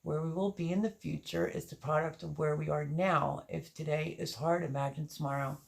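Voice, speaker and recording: A woman's voice: deep voice, steady tone, fairly quick, creaky. A woman hosting a gardening channel live stream, chatting casually and reading viewer comments aloud.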